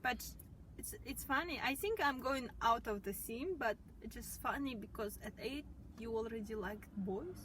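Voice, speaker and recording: A woman's voice: fairly high pitch, lively intonation, normal speed, a bit bright, slight background noise. A woman of about thirty co-hosting a comedy podcast, teasing her partner and laughing easily. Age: around 30. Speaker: podcast co-host. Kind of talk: comedic casual chat.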